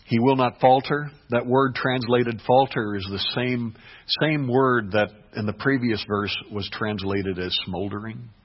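Male pastor, dynamic sermon delivery, slightly husky, muffled low-fi recording. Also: measured pace. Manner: dynamic preaching, swings from hushed to emphatic. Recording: dull lo-fi recording.

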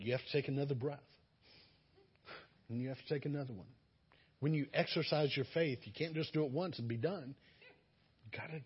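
A man's voice: fairly high pitch, husky, muffled recording. A man preaching a sermon, earnest and exhorting, sometimes acting out the voices of listeners. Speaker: pastor.

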